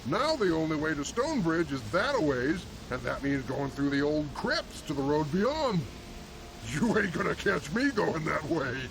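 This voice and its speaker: A grumbling backwoods villager with a gravelly, rustic drawl and rough grammar. His voice sits a touch higher than most men's. It plays as game dialogue, with background noise clearly under it. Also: expressive, moderate pace. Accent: rustic drawl, put on. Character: grumbling backwoods male villager, middle-aged.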